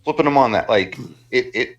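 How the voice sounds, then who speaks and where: A man's voice: medium pitch, brisk. A man hosting a podcast in a casual interview chat, asking curious, probing questions. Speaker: podcast host.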